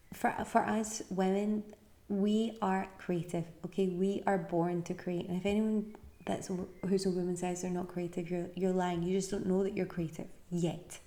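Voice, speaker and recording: A tired woman from the UK hosting a podcast, giving casual, encouraging advice and often dropping into a soft, breathy near-whisper. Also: medium pitch. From United Kingdom. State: tired, yawning. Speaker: podcast host.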